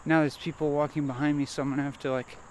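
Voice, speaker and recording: Guy vlogging on a trail walk, kinda high voice, stops and restarts a lot, faint insect noise. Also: flat delivery. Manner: halting, hesitant, repeats words. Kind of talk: rambling self-reflective monologue while walking. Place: outdoor nature trail.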